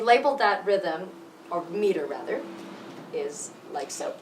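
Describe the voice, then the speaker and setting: A woman music teacher explaining rhythm slowly and patiently, counting beats out loud. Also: medium pitch, sing-song, distant mic. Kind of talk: rhythm tutorial with counting aloud. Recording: echoey room, voice from off mic.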